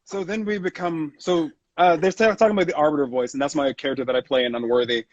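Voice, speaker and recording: A man's voice: fairly high pitch, steady tone, quick pace, muffled recording. A man, a voice actor, chatting playfully and poking fun at himself in an interview over a video call; his voice is a little scratchy. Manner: playful and self-mocking. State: slightly scratchy voice. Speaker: voice actor guest. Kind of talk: casual interview chat.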